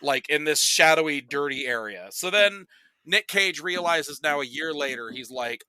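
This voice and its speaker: A man retelling film plots in casual podcast chat, animated and swearing freely. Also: fairly high pitch, normal speed, dry recording. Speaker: podcast guest reviewing films.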